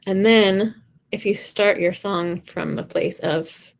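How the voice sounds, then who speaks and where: Woman vocal coach, mid-pitched with some vocal fry, chatty and encouraging. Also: measured pace. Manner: encouraging, chatty, laughs easily. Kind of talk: casual live coaching talk.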